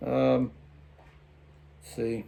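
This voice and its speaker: Tired guy rambling about his toys, casual vlog, lots of stops and restarts, middle pitch. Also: monotone, drawn-out words, vocal fry, mellow. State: tired late at night. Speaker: toy collector vlogger. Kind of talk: casual toy review vlog.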